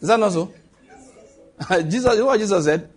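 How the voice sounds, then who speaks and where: A middle-aged man, preaching a sermon to a congregation and leading call-and-response, animated and quick to laugh. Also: high-pitched, husky. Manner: animated, laughs often, shifts to quoted voices. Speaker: pastor. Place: church hall before a congregation.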